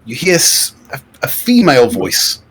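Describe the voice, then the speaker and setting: A man running a tabletop game as game master, explaining options in a lively, jokey way. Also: mid-range voice, a little slow, vocal fry, slight background noise.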